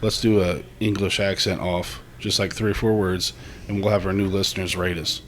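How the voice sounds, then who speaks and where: Joking male podcast co-host, slightly low. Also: flat delivery, normal speed, a little hiss or hum. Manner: jokey, playful banter. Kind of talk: casual chat.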